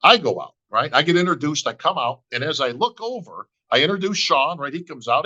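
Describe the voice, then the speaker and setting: A man's voice: on the high side, animated, a little fast, hardly any pauses, bright, forceful tone, dull audio. A middle-aged man, a bodybuilding emcee, telling a long story on a podcast and acting out both sides of the talk. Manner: acts out both sides of conversations, says "bro" and "right?" constantly.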